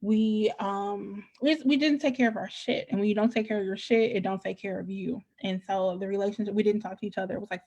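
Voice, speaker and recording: Casting: woman, podcast guest, blunt and profane, loose conversational delivery, mid-pitched. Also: fairly even intonation, quick pace, few pauses, darkish tone, dull audio. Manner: frank, profane, repeats words as she restarts. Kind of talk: casual candid chat.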